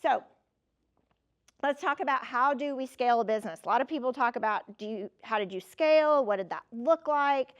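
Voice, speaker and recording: The recording is muffled as a woman in her fifties gives a motivational keynote at normal speed, her voice on the high side. She shares personal stories in a lively, conversational way and speaks directly to the audience.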